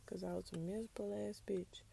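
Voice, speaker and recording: Young woman hosting a casual solo podcast, sassy and candid, with a touch of fry in the voice. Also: mid-range voice, steady tone, a little fast, warm tone, a little hiss or hum. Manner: candid, sassy, drops into whispers for asides. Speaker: podcast host. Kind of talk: casual personal monologue.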